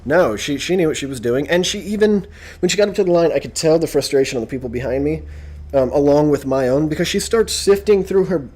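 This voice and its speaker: A young man tells a story in a rambling, exasperated vlog rant with a sarcastic edge. His voice sits a touch high for a man, and he keeps circling back to the same complaints. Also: fast, darkish tone, breathy edge. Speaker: vlogger. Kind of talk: casual ranting vlog.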